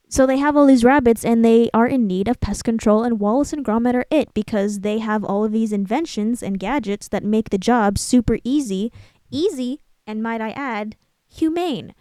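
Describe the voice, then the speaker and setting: A woman's voice: on the high side, mellow, clean tone, dry recording. A young woman hosting her own channel, talking casually about a film, rambling and stopping to hunt for words. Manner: rambling, self-deprecating, searching for words aloud. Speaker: channel host.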